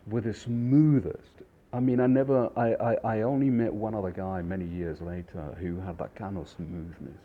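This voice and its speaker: Low-voiced chef telling stories. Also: male voice, moderate pace, narrow, tinny audio. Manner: rambling, animated, many fillers. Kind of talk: casual storytelling.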